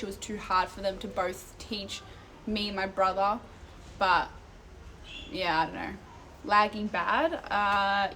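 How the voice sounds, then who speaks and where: A young Australian woman streaming live, telling stories in a casual, animated way and swearing freely. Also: medium pitch, slight background noise.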